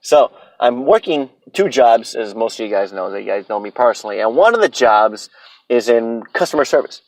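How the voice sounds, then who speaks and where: A man in his thirties hosts a solo podcast, ranting bluntly with profane, opinionated energy. His mid-range voice is expressive and brisk, and the dry, close recording is of low quality.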